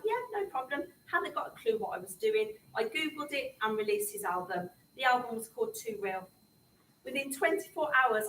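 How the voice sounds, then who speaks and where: A woman's voice: on the high side, a bit bright, slight background noise. A middle-aged woman telling her story to young people in an impassioned public talk. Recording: echoey room, speaker far from the mic.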